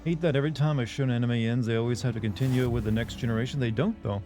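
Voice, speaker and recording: A young man with a light Southern US accent races through rambling, chatty talk while live-streaming a game, often putting himself down. His voice sits in the mid range, and music plays in the background.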